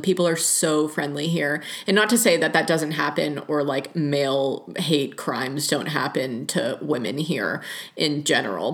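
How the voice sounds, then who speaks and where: A woman's voice: sits low, fairly bright tone. A young woman hosting a casual solo podcast, talking candidly, laughing often and swearing freely. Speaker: podcast host. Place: lives in rural Oregon.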